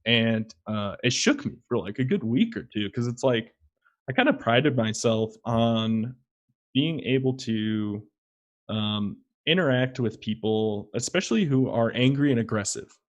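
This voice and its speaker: Animated man telling a shop story. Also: mid-range voice, measured pace, dull audio. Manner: animated, acts out both sides of conversations, laughs often. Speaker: podcast guest, luthier. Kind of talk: casual storytelling.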